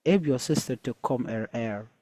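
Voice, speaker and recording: A man reading a folktale aloud who voices a cruel mother shouting orders at her daughter. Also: medium pitch, moderate pace, no echo, lightly acted. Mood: harsh scolding. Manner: shouting, harsh. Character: harsh bossy mother scolding her daughter.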